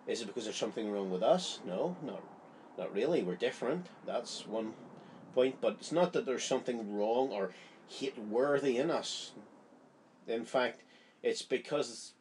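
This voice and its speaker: A man's voice: fairly low pitch, darkish tone, a little hiss or hum. A man giving a Bible study, explaining a chapter in an earnest, conversational way. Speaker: Bible teacher.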